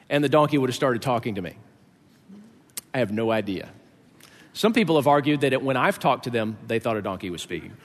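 A man preaching a sermon, explaining scripture in a conversational way with joking asides to the congregation. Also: fairly high pitch. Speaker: pastor. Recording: echoey hall.

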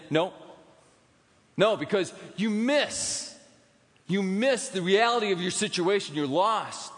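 A man preaching a sermon in a church, swinging from loud emphatic peaks to hushed, quiet asides. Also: high-pitched, lively intonation, measured pace, big-room sound. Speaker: pastor. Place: church sanctuary.

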